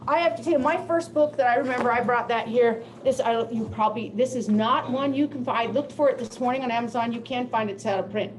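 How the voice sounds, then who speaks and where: Lively older woman telling teaching stories. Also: a little high, fast, few pauses, a little hiss or hum, rough recording. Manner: lively storytelling, laughs often. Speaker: teacher of deaf students. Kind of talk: presentation to educators.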